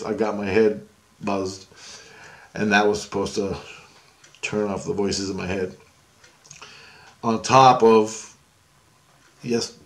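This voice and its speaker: A man telling a rambling story to camera in a casual way, laughing often and losing his thread. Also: on the low side. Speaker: vlogger.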